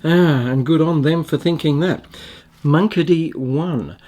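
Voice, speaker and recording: A man's voice: a little high, unhurried, dark tone. A man with an Australian accent hosting a casual food taste-test vlog, chatty and rambling with frequent ums and restarts. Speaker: food reviewer and channel host.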